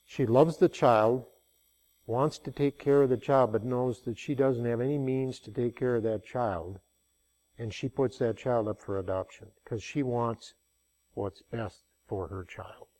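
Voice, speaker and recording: A man's voice: medium pitch, a little slow, warm tone. An older man preaching a sermon, telling stories in a folksy way and rising into emphatic passages.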